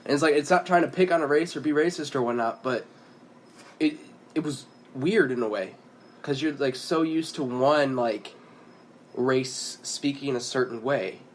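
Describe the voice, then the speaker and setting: A man co-hosting a casual chat, rambling through travel stories and getting animated when amused. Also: mid-range voice, normal speed, slight background noise. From United States. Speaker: podcast co-host.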